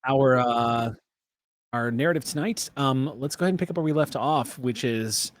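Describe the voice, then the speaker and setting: A man narrating a tabletop game as game master, relaxed and chatty with many fillers. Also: medium pitch, moderate pace.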